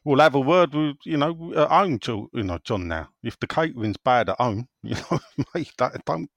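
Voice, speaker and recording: A man with a creaky, medium-pitched voice hosts a football podcast, reading listener messages at a moderate pace. He's jokey and lively, laughing often in a casual chat, and the recording is dry.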